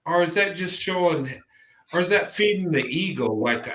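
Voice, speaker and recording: A Southern American man with a voice on the high side and a fairly bright tone hosts a podcast in casual chat at a moderate pace. He rambles and repeats words when starting a thought, and the sound is reverberant.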